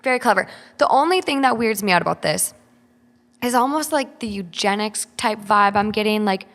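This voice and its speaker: A woman's voice: medium pitch, lively intonation, moderate pace, a bit bright. Woman podcaster in a reverberant room. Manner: reads steadily, then chats with frequent "like". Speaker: podcast co-host. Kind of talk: reading a listener's story aloud, then casual chat. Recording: long hall reverb.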